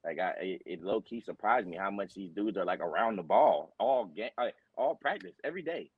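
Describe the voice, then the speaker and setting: A man's voice: low-pitched, brisk, husky, dry recording, narrow, tinny audio. A young man from Tennessee, a college linebacker, talking casually in an interview with many fillers. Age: young adult. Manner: relaxed, rambling with many fillers.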